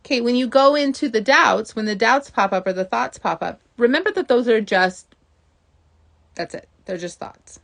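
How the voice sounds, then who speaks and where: A woman's voice: fairly high pitch, expressive, normal speed, creaky, a bit bright. Chatty woman coaching, asking "right?". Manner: chatty, says "right?" often, acts out inner voices. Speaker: mindset coach. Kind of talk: motivational talk to camera.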